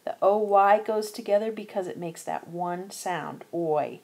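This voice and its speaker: A woman with a medium-pitched, slightly mellow voice narrates a teaching screencast at a normal speed. Working as a teacher educator, she methodically breaks words into individual letters and syllables.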